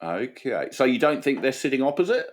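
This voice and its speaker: A man's voice: mid-range voice, sing-song, fairly quick. Dry, sarcastic man. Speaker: podcast co-host. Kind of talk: casual chat.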